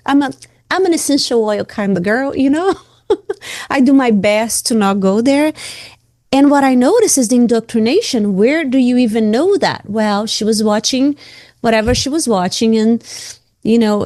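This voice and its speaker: A woman co-hosting a conversational podcast, speaking in an earnest, reflective, expressive way. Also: fairly high pitch, measured pace, no room sound. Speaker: podcast co-host and coach.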